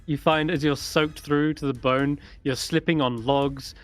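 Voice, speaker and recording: A man's voice: fairly high pitch, fairly even intonation, measured pace, faint music behind. A man narrating a tabletop role-playing game as dungeon master, rambling casually with fillers.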